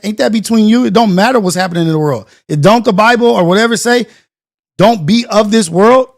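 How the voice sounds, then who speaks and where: Male show host, high voice, casual slangy reaction rant. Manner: animated, slangy rant with rhetorical questions.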